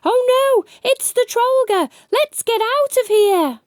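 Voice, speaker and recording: A woman's voice: sits high, expressive, a little slow, a little mellow, no echo, studio quality, voice pushed up. A woman voicing a frightened young boy in a read-aloud children's storybook, speaking anxiously. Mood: panicked. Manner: anxious, urgent.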